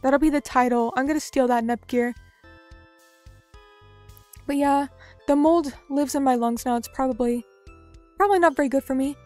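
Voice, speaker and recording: A woman's voice: high voice, moderate pace, pauses often, darkish tone, soft background music. A young woman streamer chatting casually, reading out chat messages and joking about herself in a playful way. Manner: playful, reads chat aloud, self-mocking.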